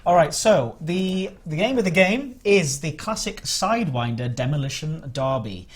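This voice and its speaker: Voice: medium pitch, animated, normal speed, few pauses. A livestream host running a community game event, playful and jokey, reading out the rules of a contest.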